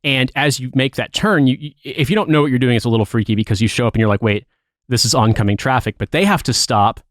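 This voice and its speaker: A man telling a profane, animated story as a podcast co-host in casual chat. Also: mid-range voice, no room sound, clean studio sound.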